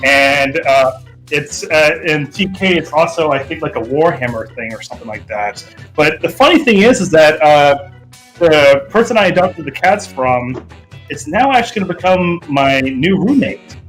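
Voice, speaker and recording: A man with a fairly high voice tells a story in a casual livestream chat, pausing often on "uh" as he goes. Soft music sits faintly behind him. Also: animated, rough recording. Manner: hesitant storyteller with many "uh"s.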